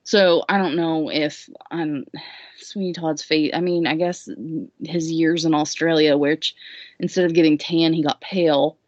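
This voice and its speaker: A woman with a fairly low voice recaps a story in a relaxed podcast chat. She rambles, jokes and fills pauses with "um." The sound is dull and lo-fi, very dry and close to the mic. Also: no echo. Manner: rambling, jokey, with lots of fillers. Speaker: guest recapping a musical. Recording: dull lo-fi recording.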